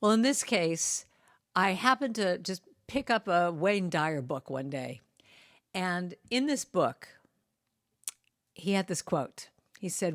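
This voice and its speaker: A woman's voice: fairly low pitch, takes it slowly, pauses often, no room sound, clean studio sound. A middle-aged woman telling a personal story as a guest speaker, acting out the voices of the people in it. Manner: animated storytelling with quoted voices. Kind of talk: storytelling talk.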